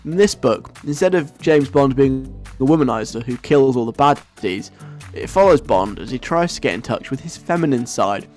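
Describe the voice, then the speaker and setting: A man's voice: mid-range voice, expressive, moderate pace, hardly any pauses, darkish tone, soft background music. A man hosting a radio show in a playful, rambling way, chuckling as he goes. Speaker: radio host. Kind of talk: casual radio chat.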